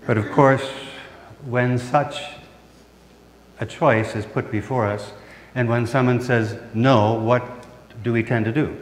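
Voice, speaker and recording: Male pastor, middle-aged, measured sermon delivery, asks the congregation questions, booming church reverb. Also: steady tone. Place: church sanctuary.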